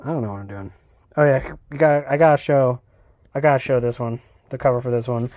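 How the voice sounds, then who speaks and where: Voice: mid-range voice, brisk, darkish tone, no echo, studio quality. Rambling, jokey book vlogger at home. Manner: rambling, jokey, swears casually, puts on silly voices. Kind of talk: casual bookshelf tour. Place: home, walking between rooms.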